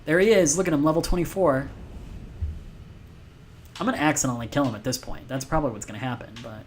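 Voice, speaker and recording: A man streaming a video game live, chatting in a playful, excitable way with many fillers. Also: fairly high pitch, fast, slight background noise.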